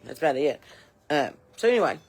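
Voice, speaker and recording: This comedy character host, a woman in her forties, improvises a monologue as a chatty, nosy Southern mom drawling on her porch outdoors. Her exaggerated voice is low, darkish and slightly rough, very animated and brisk.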